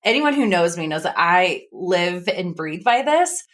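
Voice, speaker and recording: Midwest lady hosting a podcast, lowish voice, chatty and animated. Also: measured pace. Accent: American Midwest. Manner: animated, acts out quoted lines in a higher voice. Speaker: podcast host. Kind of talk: casual interview chat.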